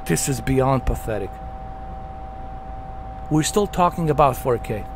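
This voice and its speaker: A man's voice: medium pitch, lively intonation, a little slow, background noise. A man hosting a gaming channel, delivering a heated, profanity-filled rant with emphatic repetition.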